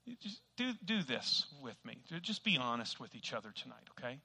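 A middle-aged male preacher with a very bright, ringing voice. He tells a self-deprecating story in a folksy way, then breaks into sudden loud bursts before returning to his lesson. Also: mid-range voice, very animated, a little fast, gravelly, husky. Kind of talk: sermon with personal story.

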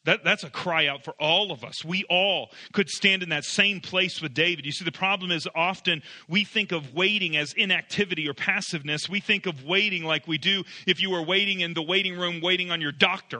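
A man's voice: high-pitched, pushed and bright. A man preaching a sermon, earnest and emphatic, often repeating himself as he explains scripture. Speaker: pastor.

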